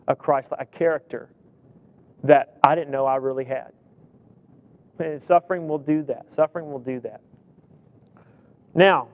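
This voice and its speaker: A man's voice: a little high, no room sound. A man preaching a sermon, who also coaches kids and tells stories with acted-out dialogue. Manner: animated storytelling preacher, acts out dialogue.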